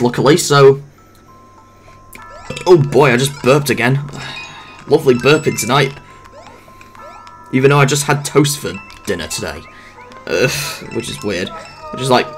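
A man's voice: mid-range voice, fairly bright tone. A young man commentating casually over a game he is playing, rambling and swearing with jokey asides. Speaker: gameplay commentator. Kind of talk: casual let's play commentary. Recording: faint game music behind.

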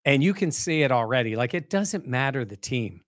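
A man co-hosting a sports talk show, breaking down the game in casual, animated conversation. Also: medium pitch, normal speed, no room sound, studio quality.

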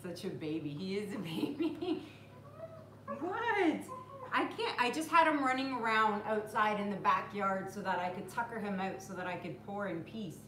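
A woman's voice: medium pitch, lively intonation, moderate pace, fairly bright tone, roomy sound, slight background noise. A woman hosting a live stream from home, chatting casually, greeting viewers by name and cooing at her puppy. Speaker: acrylic pour artist hosting a live stream. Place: home room with the door closed.

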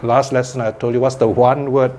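An older man teaching a Buddhist class in a relaxed, conversational way, often checking in with listeners by asking "okay?" and "right?" and chuckling now and then. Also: mid-range voice, a little fast, a little hiss or hum. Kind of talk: informal Dhamma class talk.

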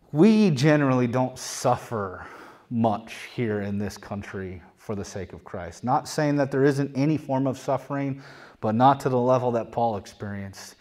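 A man preaching a sermon, conversational and emphatic, dropping soft and then building loud, and repeating key phrases. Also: mid-range voice.

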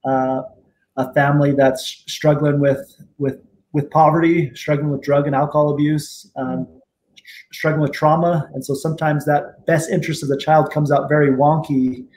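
Middle-aged man, guest interview, relaxed rambling storyteller, somewhat high voice, light background hiss. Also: normal speed. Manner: relaxed, rambling, frequent fillers and restarts. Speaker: guest attorney and tribal judge.

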